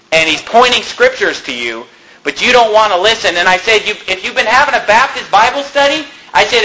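A man's voice: sits high, sharp tone, a little hiss or hum. A male pastor telling a story from the pulpit in an emphatic, conversational way, chuckling now and then. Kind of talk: sermon storytelling. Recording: echoey room.

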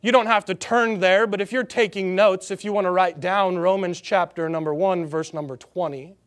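A man from the Salt Lake Valley preaching a sermon, stressing his points by slowing down and repeating phrases. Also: high voice, fairly even intonation, fairly bright tone. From Salt Lake Valley, Utah. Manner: emphatic preaching with slow, drawn-out repeated phrases.

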